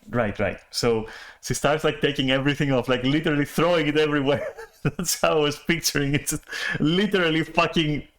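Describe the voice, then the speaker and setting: A man talking in a casual rambling monologue, often apologizing, laughing and swearing as he restarts his sentences. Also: medium pitch. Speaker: channel host.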